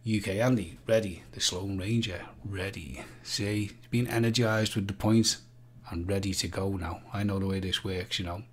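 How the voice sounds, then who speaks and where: A man's voice: low-pitched, fairly even intonation, normal speed, slightly rough. A man hosting a live-stream quiz, chatting playfully and joking with the viewers. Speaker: livestream quiz host.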